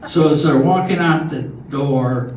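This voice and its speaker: Slow older man telling jokes in echoey hall. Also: fairly high pitch, darkish tone. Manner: slow halting delivery with many restarts. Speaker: comedian at a talent show. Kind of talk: stand-up joke telling. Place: large hall with live audience. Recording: echoey hall from far off, audience noise.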